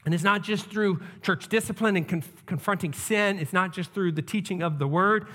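High-pitched pastor guy preaching, earnest, keeps repeating himself, big echoey hall. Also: normal speed, fairly bright tone. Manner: earnest, repeats questions, frequent restarts. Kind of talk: sermon.

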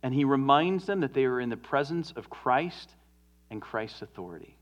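A man preaching a sermon as a pastor, earnest, moving from emphatic stresses to hushed, drawn-out endings. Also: medium pitch, expressive.

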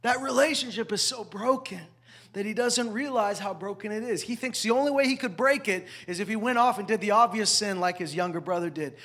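A man preaching with a fairly high, husky voice. He swings between loud, punchy lines and hushed, almost whispered asides, keeping the sermon lively and conversational. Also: fairly quick. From parents from the American South. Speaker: pastor.

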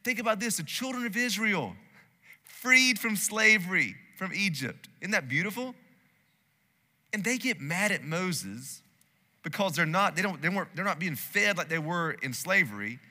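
A male pastor preaching with a bright, forceful, somewhat high voice, swinging between loud declarations and quiet asides. The sound carries long reverb from a large church sanctuary. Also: expressive, moderate pace. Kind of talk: sermon.

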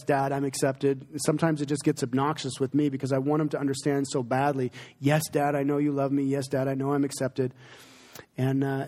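A middle-aged man speaks as a pastor to his congregation, earnest and conversational, with moments of emotion. His voice sits a little high for a man. The sound carries a long reverb from a church sanctuary. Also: darkish tone. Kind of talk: sermon Q&A with congregation.

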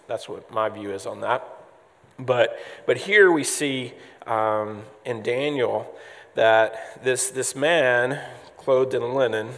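A man's voice: fairly low pitch, big-room sound. A man preaching a conversational sermon as pastor, with frequent ums and restarts.

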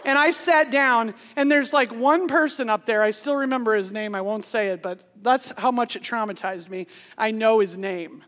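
A woman in her forties telling a funny personal story in a sermon, animated and laughing as she goes. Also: on the high side, moderate pace, few pauses. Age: 40s. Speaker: speaker. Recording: long hall reverb.

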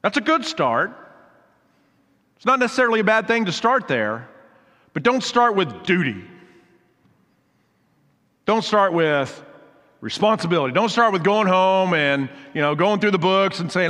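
A man's voice: high voice, big pitch swings, normal speed, long pauses, bright, forceful tone. A man preaching a sermon, earnest and exhorting, repeating phrases for emphasis, then leading a prayer. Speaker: pastor. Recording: long reverb of a large hall.

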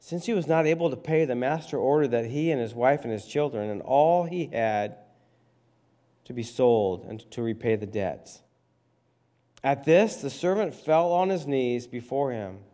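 A pastor preaching a sermon, reading scripture aloud and explaining it in a conversational, emphatic way. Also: male voice, medium pitch, animated, unhurried, dark tone. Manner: conversational, emphatic with checking questions.

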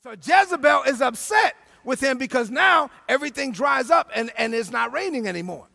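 High-voiced preacher shouting in a hall. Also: male voice, moderate pace, creaky. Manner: animated storytelling, often shouting. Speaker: pastor. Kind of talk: sermon.

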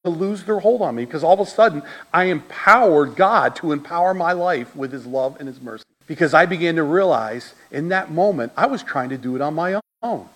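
A middle-aged man preaching to his church in a fairly high, lively voice. He drops low and quiet to tell a story, then climbs to loud, high-pitched shouts as he drives a point home. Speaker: pastor. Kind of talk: sermon.

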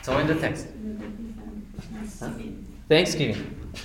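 A man's voice: on the high side, slow, reverberant, slight background noise, poor audio. A man teaching an adult Sunday school class on scripture, emphatic, repeating key phrases and asking the class questions. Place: church classroom.

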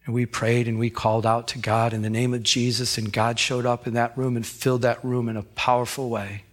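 A man's voice: mid-range voice, level tone, brisk. A man preaching a sermon as pastor, telling a personal story and building to fervent, emphatic preaching.

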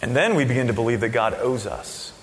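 A man preaching a sermon as a pastor, casual and conversational, with sudden loud bursts. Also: medium pitch, expressive, a little fast. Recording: long reverb of a hall.

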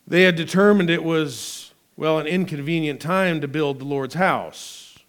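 Slow, emphatic man preaching a sermon. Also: on the high side. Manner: emphatic, dramatic swings between loud and quiet. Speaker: pastor.

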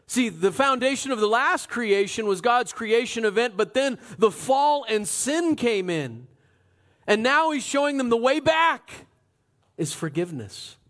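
Male pastor with a high voice, preaches in a lively, dramatic way and swings between loud and hushed. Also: measured pace. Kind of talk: sermon.

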